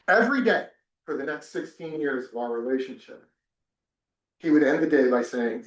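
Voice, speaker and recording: A man's voice: mid-range voice, normal speed, long pauses. A man from New Jersey, a religion professor, teaching a class and telling personal stories with many restarts. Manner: animated storytelling with many restarts. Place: temple classroom. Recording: echoey room.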